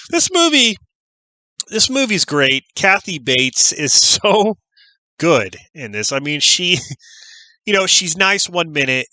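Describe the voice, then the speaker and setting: Bright-voiced casual horror fan. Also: male voice, on the high side, no echo, low-quality recording. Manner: rambling, enthusiastic, lots of fillers and restarts. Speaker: horror movie YouTuber. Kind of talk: casual chat.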